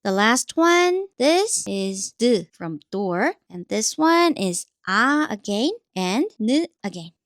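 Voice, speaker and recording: A woman with a Korean accent teaches reading in a slow, deliberate way, pausing to repeat each sound for her learners. Her pitch sits a little high and moves a lot. The recording is dry and close. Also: sing-song, no room sound.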